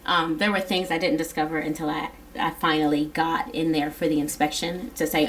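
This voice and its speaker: A woman's voice: low-pitched, fairly even intonation, normal speed, hardly any pauses. A woman in casual conversation, chatty and joking, who acts out quoted lines. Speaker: guest. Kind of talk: casual chat.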